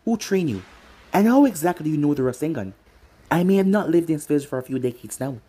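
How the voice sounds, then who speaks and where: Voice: medium pitch, warm tone, slightly rough. A reader putting on a mocking villain snake ninja. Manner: mocking, taunting. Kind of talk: fan-fiction reading.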